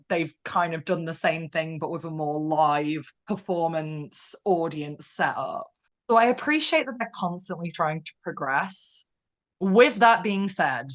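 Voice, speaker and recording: A talkative woman co-hosting a casual podcast. Her voice sits a little low for a woman. She shares her opinions enthusiastically and thoughtfully. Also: fairly bright tone. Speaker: podcast co-host.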